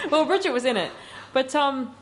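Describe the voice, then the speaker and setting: A woman's voice: sits high, lively intonation, unhurried. Giggly young woman telling a story. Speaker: radio show co-host. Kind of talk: casual radio chat.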